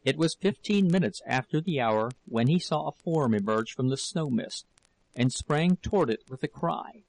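Male audiobook narrator, steady measured reading, mid-range voice, dry close sound. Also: mid-range voice, creaky, no echo, poor audio. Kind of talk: scripted narration.

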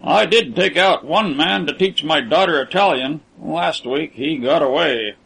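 A man voicing a cold, scornful wealthy captor who talks down to his prisoners in a cool, measured way. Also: fairly high pitch, vocal fry, a bit bright, husky, heavily acted, low-quality recording. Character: cold, scornful rich man holding captives.

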